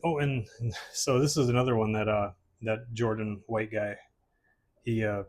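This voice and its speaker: A man's voice: fairly low pitch, fairly even intonation, moderate pace. A man casually talking through his old comic portfolio pages, rambling with many fillers and restarts. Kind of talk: casual chat.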